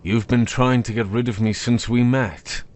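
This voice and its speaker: A man's voice: medium pitch, steady tone, normal speed, darkish tone, natural voice. A man narrating a fantasy story, voicing a mild, polite mapmaker in a plain voice. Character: mild, ordinary cartographer man, polite and dry.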